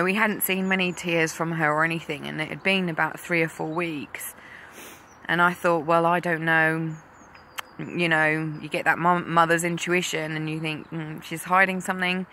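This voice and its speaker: A woman's voice: lowish voice, pushed and bright, a little hiss or hum. A woman from England telling her own story as a mother, candid and full of ums. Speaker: mother sharing her cancer experience. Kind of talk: personal talk to camera.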